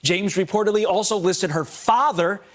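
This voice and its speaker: Crisp male TV news reporter. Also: high-pitched. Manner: crisp, measured delivery.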